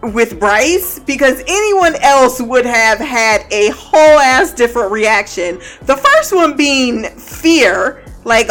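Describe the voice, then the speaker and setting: A woman's voice: fairly high pitch, lively intonation, slow, hardly any pauses, fairly bright tone, soft background music. A woman giving a casual, blunt and profane recap of a TV show, often breaking into laughter. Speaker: TV show reviewer.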